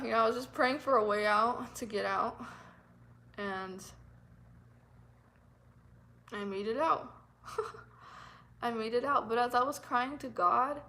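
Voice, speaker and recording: A young woman telling a painful personal story on her vlog, emotional and halting, repeating herself with nervous laughs. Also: a little high, pushed and bright, low-quality recording. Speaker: vlogger.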